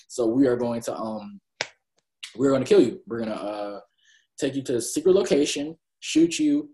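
A man's voice: medium pitch, warm tone. A man co-hosting a casual chat, rambling as he retells scenes and acts out characters' lines. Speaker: podcast co-host. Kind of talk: casual chat recapping an anime. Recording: echoey room.

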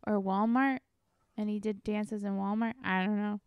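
A woman's voice: mid-range voice, fairly even intonation, normal speed, clear, resonant tone, no echo, dull audio. A woman hosting a podcast, chatting casually with wry, teasing asides. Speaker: podcast host. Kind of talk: casual chat.

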